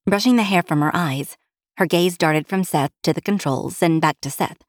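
A woman reads a novel aloud in a steady, even storytelling voice. Her voice sits a little low, close and dry with no room sound. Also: moderate pace, no echo. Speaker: narrator. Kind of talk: audiobook narration.

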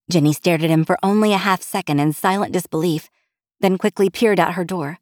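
A woman reads a novel aloud in a steady, even storytelling voice. Her voice sits a little low, close and dry with no room sound. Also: a little fast, no echo. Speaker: narrator. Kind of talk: audiobook narration.

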